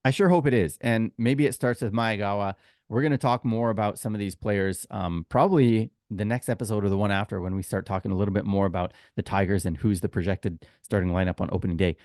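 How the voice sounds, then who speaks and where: Canadian male podcast co-host, lowish voice, dry close sound, chatty and wisecracking. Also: steady tone, fast talker, a little mellow, no echo. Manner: chatty, joking, opinionated. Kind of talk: casual podcast chat.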